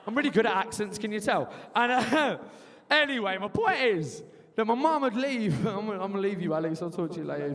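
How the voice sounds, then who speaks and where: A man in his twenties doing a lively stand-up comedy set with crowd work, shouting his punchlines in a university bar. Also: high-pitched, moderate pace. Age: 20s. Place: university bar venue, live audience. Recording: long reverb of a live venue.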